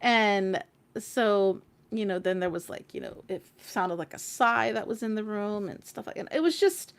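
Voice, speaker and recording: Woman stream host, casual storyteller, mid-pitched voice, loose and talkative with plenty of "like" and "you know". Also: moderate pace, smooth. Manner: chatty and animated, heavy with fillers and casual swearing. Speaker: tarot reader and stream host.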